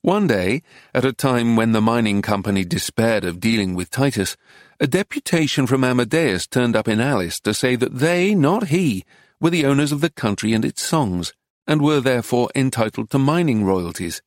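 Guy reading an audiobook, calm measured narration, dry close studio mic. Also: medium pitch, no echo. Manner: measured, even storytelling. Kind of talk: scripted narration.

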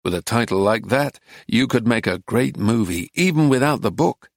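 A man reading an audiobook in a measured, understated, dry manner. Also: mid-range voice, animated, no echo. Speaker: narrator. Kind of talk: scripted audiobook narration.

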